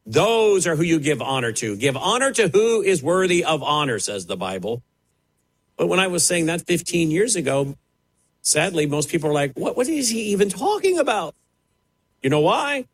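A man's voice: a little high, big pitch swings, moderate pace, fairly bright tone, rough recording. A man preaching, fiery and emphatic, mocking the voices he quotes. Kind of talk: preaching sermon.

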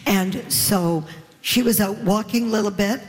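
A woman comedian speaks on a panel, animated and quick to laugh at her own stories. Her voice carries a long reverb from the hall. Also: medium pitch. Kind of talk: panel discussion, storytelling.

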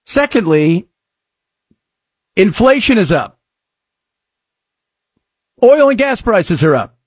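Sarcastic man hosting with a husky voice. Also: high voice, sing-song, slow, no echo, studio quality. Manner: sarcastic, mock-shouting outbursts. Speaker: show host. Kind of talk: satirical political commentary.

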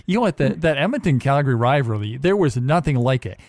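A man's voice: mid-range voice, lively intonation, quick pace, a little mellow, dry recording. Man hosting, dry close sound. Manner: encouraging, short reactions. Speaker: host. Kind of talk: interview.

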